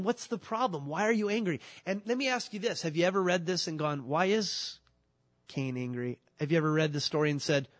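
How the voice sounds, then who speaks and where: A man preaching a sermon, chatty and animated, tossing rhetorical questions to his listeners. His voice sits a little higher than most men's. The sound is dry and close, with hardly any room around it. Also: breathy edge, no room sound. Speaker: pastor.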